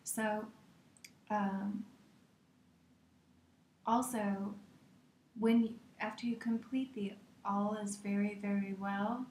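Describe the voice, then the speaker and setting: A woman teaching a guided meditation in a slow, gentle way, often slipping into a soft whisper. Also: mid-range voice, level tone, reverberant, a little hiss or hum.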